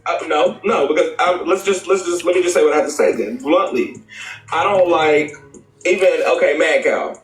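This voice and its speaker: A man's voice: a little high, normal speed, recorded from a distance, soft background music. Blunt rambling man, echoey and off-mic. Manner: blunt, rambling, restarts often, laughs between points. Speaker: live-stream panelist. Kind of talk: heated casual live-stream debate.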